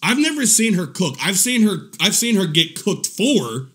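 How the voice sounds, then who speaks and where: A man ranting on his livestream with a slightly high voice that swoops and jumps all over. He mocks and swears constantly, breaking into laughter between jabs. It comes across as a loose, profane drama-commentary stream. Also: sing-song, moderate pace, a bit bright. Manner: mocking, laughs often, heavy swearing.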